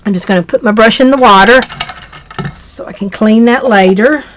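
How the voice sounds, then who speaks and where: A woman's voice: on the high side, moderate pace, a little hiss or hum. A middle-aged woman with a Southern accent, chatting her way through a craft tutorial, rambling with ums and restarts. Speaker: craft demonstrator.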